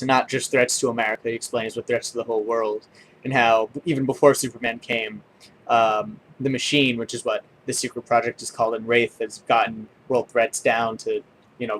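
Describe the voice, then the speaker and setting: A young man giving a casual spoken comic book review, enthusiastic but halting, with many ums, uhs and restarts. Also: medium pitch, fairly bright tone, slight background noise.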